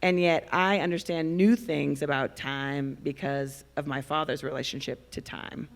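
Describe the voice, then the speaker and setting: A woman filmmaker speaking on a festival panel, telling stories in an animated way and laughing as she talks. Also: low voice, normal speed, gravelly. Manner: animated storyteller, laughs while talking. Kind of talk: panel discussion.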